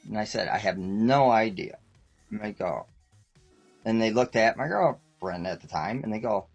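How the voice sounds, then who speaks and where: A man's voice: medium pitch, moderate pace, faint music behind. A man guest on a talk show, telling rambling stories casually, often laughing and acting out quoted lines. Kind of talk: casual storytelling.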